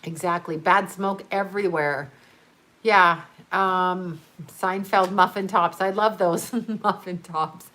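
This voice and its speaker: A woman's voice: on the low side, steady tone, slow, a bit bright. Rambling chatty woman on a livestream. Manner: rambling, chatty, laughs often. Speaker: livestream host reading chat. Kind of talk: casual chat.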